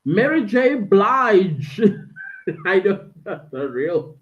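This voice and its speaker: A South African woman with a mid-range, sing-song voice and drawn-out words hosts a casual live stream from a friend's indoor den at home. She talks animatedly to viewers and reads out chat comments, and the stream audio sounds tinny and phone-like.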